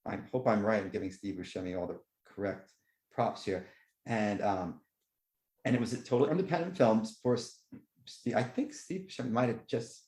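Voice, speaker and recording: Guy rambling excitedly about movies, voice jumps way up when he gets into it, kinda echoey room. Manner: rambling, excitable storytelling with lively jumps in pitch. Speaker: podcast host. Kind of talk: casual chat.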